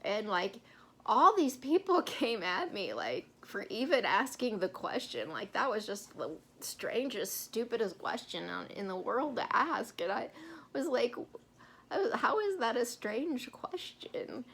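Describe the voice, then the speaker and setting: A woman's voice: medium pitch, big pitch swings, a little slow, vocal fry, fairly bright tone, breathy edge. A woman co-hosting a casual Bible-study chat, telling stories in a rambling way with many fillers. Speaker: co-host.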